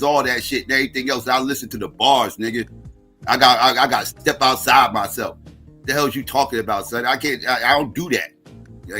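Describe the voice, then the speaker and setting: A man's voice: mid-range voice, bright, forceful tone. Heated, profane middle-aged man ranting. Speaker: livestream host. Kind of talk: heated livestream rant.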